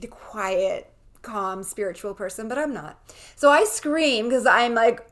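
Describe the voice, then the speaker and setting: A woman's voice: medium pitch, measured pace. Earnest middle-aged woman telling a story. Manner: earnest and animated, with frequent restarts. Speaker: podcast host and shamanic practitioner. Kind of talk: personal storytelling monologue.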